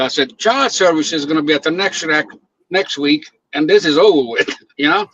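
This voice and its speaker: There's slight background noise behind this brisk, higher-pitched male voice. A guest videographer, he tells lively stories in casual conversation, impersonating the people he quotes and laughing often. The audio sounds dull, dry and lo-fi.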